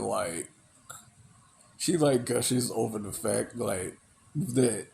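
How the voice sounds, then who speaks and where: A man's voice: mid-range voice, vocal fry, darkish tone, slight background noise. A man recapping a movie in a casual, rambling way, full of "you know" and "like". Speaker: movie reviewer.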